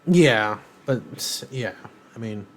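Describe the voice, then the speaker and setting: A man's voice: mid-range voice, lively intonation, slow, slight background noise. A man co-hosting a podcast, chatting casually and rambling with lots of ums and uhs. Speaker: podcast co-host. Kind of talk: casual chat.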